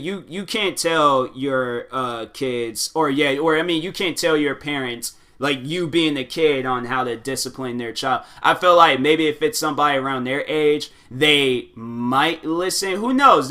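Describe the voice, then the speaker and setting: Bright-voiced young man rambling casually. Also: mid-range voice. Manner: rambling, loose slang-filled talk with many fillers. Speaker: podcast host reading advice posts. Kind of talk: casual chat.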